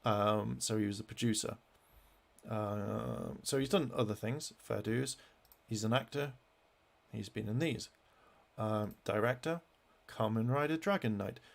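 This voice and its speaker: A man's voice: on the low side, a little slow, vocal fry. A man venting in an angry vlog rant as he clicks through web pages, swearing constantly and restarting his sentences. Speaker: fan vlogger.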